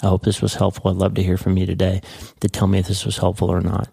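A man hosting a devotional podcast, teaching earnestly and slowing down to stress key words. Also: deep voice, monotone, gravelly, mellow, husky, no echo, clean studio sound. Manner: earnest, emphatic, slows down for dramatic stress.

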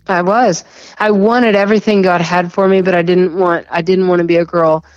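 A woman's voice: on the low side, fairly even intonation, dry recording, lo-fi sound. Earnest woman telling a faith story. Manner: earnest, halting, often repeats words and laughs softly. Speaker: guest sharing a testimony. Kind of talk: personal faith testimony in conversation.

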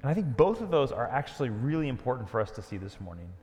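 A man's voice: medium pitch, big pitch swings, fast talker. Man preaching in a reverberant hall. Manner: dramatic, drops to a hush for key lines. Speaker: pastor. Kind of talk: sermon.

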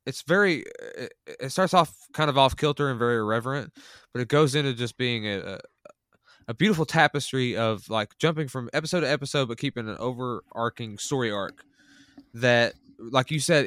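Guy rambling excitedly on a podcast, smooth clear voice, dry close sound. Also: medium pitch, dry recording. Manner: enthusiastic, rambling with restarts. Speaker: podcast co-host. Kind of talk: casual podcast chat.

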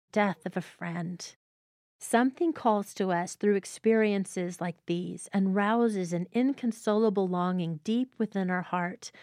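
A woman's voice: medium pitch, a little mellow, no echo, clean studio sound. Earnest woman giving a devotional talk. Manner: earnest, reflective, unhurried phrasing. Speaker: host of a devotional teaching show. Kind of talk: devotional teaching, reading passages aloud.

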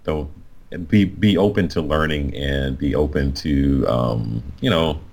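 A man talking casually as a podcast co-host, animated and self-mocking, full of fillers and restarts. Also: a bass voice, a little slow, vocal fry. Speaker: co-host, designer and painter.

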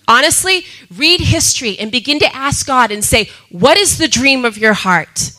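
A woman sharing a personal testimony with a group, talking in an animated way and often breaking into laughter. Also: high voice, normal speed, low-quality recording. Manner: laughs often, excitable, repeats herself.

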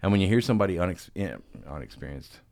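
Low-voiced male podcast host, casual and earnest, dry small room. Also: animated, quick pace, gravelly, darkish tone, dry recording. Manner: chatty, earnest, self-deprecating. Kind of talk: casual chat.

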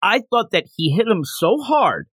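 A man's voice: high voice, normal speed, husky, no room sound. A man co-hosting a podcast, chatting casually and joking as he recaps a manga chapter. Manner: animated, jokey, slips into character voices. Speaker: podcast co-host.

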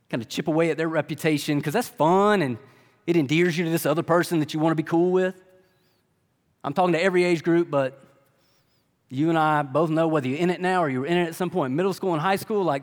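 A man preaching a sermon in a conversational style, full of rhetorical questions. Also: on the high side. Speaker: pastor. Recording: long reverb of a large hall.

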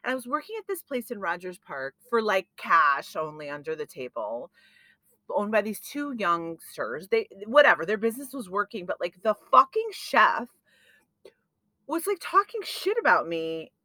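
A woman in her forties telling stories in casual chat as a podcast co-host, animated and profane, acting out what people said. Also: mid-range voice, normal speed, no room sound. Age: 40s. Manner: animated, profane storytelling with acted-out quotes.

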